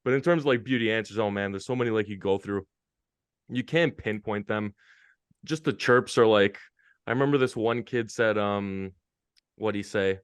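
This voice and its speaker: A man telling stories as a guest on a casual podcast, energetic and full of slang. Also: lowish voice, moderate pace, clean tone, no room sound. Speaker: guest, hockey media interviewer.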